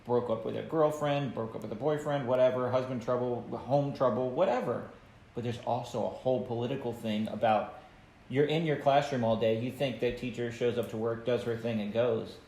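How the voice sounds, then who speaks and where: A man's voice: medium pitch, fairly quick. Guy guesting on a podcast, tells stories and does little voices for quotes, roomy sound. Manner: animated storyteller, acts out quotes. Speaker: podcast guest, children's entertainer. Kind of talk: casual chat. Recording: roomy sound with faint noise.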